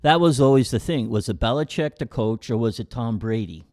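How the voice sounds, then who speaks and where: A man co-hosting a podcast, talking casually in a middle-pitched voice. He retells stories quickly and haltingly, stumbling over his words and filling gaps with fillers. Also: lively intonation, darkish tone. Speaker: podcast co-host. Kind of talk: casual chat.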